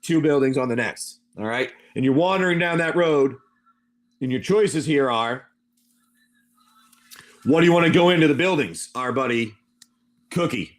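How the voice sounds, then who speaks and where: A man's voice: mid-range voice, normal speed, pauses often. A man hosting a live stream who narrates a tabletop wasteland adventure as game master, rambling loosely and calling on his players by name.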